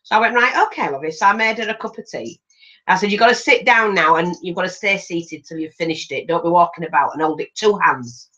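A woman's voice: on the low side, fast talker, low-quality recording. An older grandmother, chatting as she works on a craft tutorial and acting out little voices in her stories. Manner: animated, acts out voices in anecdotes. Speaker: craft channel host. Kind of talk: chatty storytelling while crafting.

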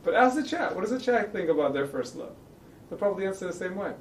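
A man playing a therapist, calmly coaxing and soothing. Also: high voice, fast, distant mic. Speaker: mock therapist. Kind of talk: calm mock-therapy talk. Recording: roomy, off-mic, faint noise.

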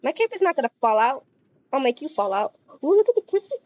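Woman, very high voice, swooping and lively, giggly, excitable gameplay chatter, muffled lo-fi sound. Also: fast talker. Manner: giggly, excitable, talks to game characters. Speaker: gamer playing with a friend. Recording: muffled lo-fi dry recording.

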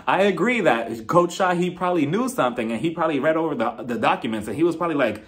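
On his vlog, a young man breezily recaps a reality show episode, gossiping, laughing readily and often impersonating the cast. His voice runs on the high side and is animated.

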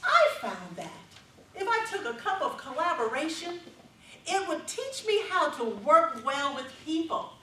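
Middle-aged woman, speech contest speaker with an animated voice, heard from a distance in a hall. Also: high-pitched, a little hiss or hum. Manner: expressive storytelling with dramatic pauses. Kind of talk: prepared public speech. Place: stage in a large hall.

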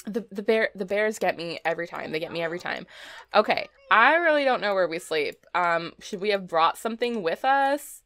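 A woman's voice: mid-range voice, expressive, normal speed, fairly bright tone. A young woman casually commenting on her gameplay, chatty and easily delighted, laughing often. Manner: chatty, giggly, exclaims at small things. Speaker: let's play host.

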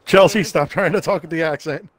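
A man gamer prone to excitable outbursts while chatting on a stream. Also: fairly high pitch, a little fast, soft background music. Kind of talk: casual gaming chat.

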